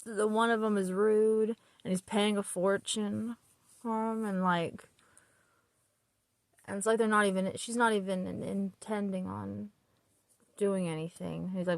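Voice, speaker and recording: A woman's voice: medium pitch, steady tone, slow, creaky, long pauses, no room sound. A woman chatting casually about a book while getting ready, rambling and laughing often as she retells scenes. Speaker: vlogger.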